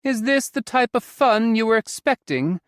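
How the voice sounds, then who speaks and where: A man's voice: lively intonation, moderate pace, a bit bright, no echo, studio quality. Cheeky young man, as a male narrator puts him on. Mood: playful. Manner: teasing, lilting and raised in pitch. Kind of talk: audiobook character voice.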